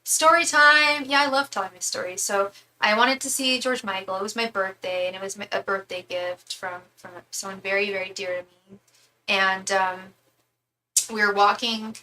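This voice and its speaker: Young woman, tarot reader, rambling chatty storyteller, bright forceful voice, mid pitch. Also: fairly even intonation, normal speed, slight background noise. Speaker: tarot reader and psychic medium. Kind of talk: casual live-stream chat.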